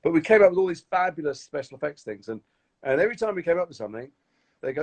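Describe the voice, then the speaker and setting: Fast-talking gravelly man telling stories. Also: on the high side. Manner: animated anecdotes acting out other people's lines. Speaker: actor telling set stories. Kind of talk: casual chat on a live video. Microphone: phone on a video call.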